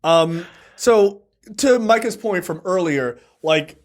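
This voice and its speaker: A man's voice: high-pitched, lively intonation, slow. A man co-hosting a podcast in casual chat, laid-back and profane, laughing often as he talks. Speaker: podcast co-host.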